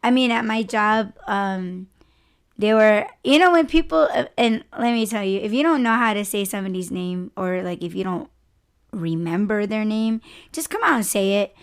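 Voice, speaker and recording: A young woman hosting a podcast in casual chat, telling animated stories and acting out what other people said. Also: medium pitch, normal speed, clear, resonant tone. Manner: animated storytelling, frequent laughter, acts out others' lines. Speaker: podcast host.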